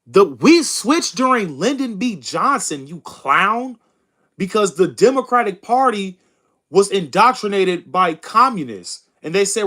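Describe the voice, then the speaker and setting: A man's voice: high-pitched, animated, measured pace, pushed and bright. A young man hosting a political stream, arguing with chat in a heated, mocking way and calling people bro and dude. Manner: combative, mocking, says bro and dude a lot. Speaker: host of a political livestream reading chat. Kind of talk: heated casual commentary.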